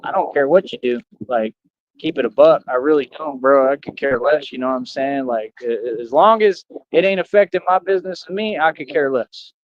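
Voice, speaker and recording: A man's voice: mid-range voice, brisk, dry recording, muffled recording. A man ranting on a livestream, boastful and defiant, falling back on "like I said" again and again.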